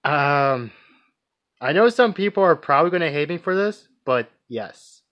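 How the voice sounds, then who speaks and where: A man's voice: on the high side, animated, unhurried. A man vlogging casually, answering viewer questions in a rambling, hesitant way with many restarts and fillers. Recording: dull lo-fi recording.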